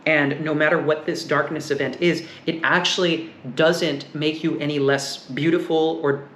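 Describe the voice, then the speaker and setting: A man with a slightly higher voice talks through a tarot spread in a loose, wandering way, full of fillers and half-finished thoughts. The sound bounces around an echoey room with a faint hiss underneath. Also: fairly bright tone. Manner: musing, meandering, frequent fillers. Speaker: tarot reader. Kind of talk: casual tarot reading and discussion.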